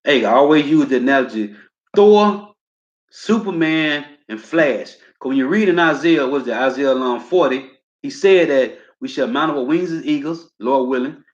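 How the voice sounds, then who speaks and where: Man, preacher reading scripture, slow emphatic verses, casual asides, roomy dull lo-fi recording. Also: mid-range voice, lively intonation. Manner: reads verses slowly and emphatically, tags lines with a casual filler. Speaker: scripture teacher.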